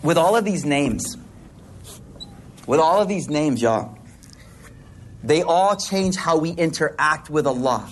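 Man, preacher, lively casual sermon, slangy asides, slightly high voice. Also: slow pace, pauses often, slight background noise. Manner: animated, slangy and conversational, with playful asides. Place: hall with a live congregation.

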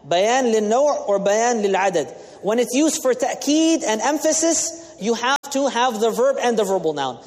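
Imam, male, high voice, teaching sermon with Arabic glosses, long hall reverb. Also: lively intonation, moderate pace, darkish tone. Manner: explains Arabic terms with English glosses, asks the audience questions. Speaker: imam giving a talk.

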